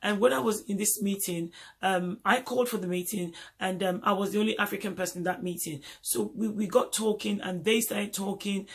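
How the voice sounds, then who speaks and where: A man's voice: high-pitched, steady tone, fairly quick, a bit bright. A man from Nigeria with a Nigerian accent, talking in an emphatic casual monologue and repeating points for stress. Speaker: vlogger host.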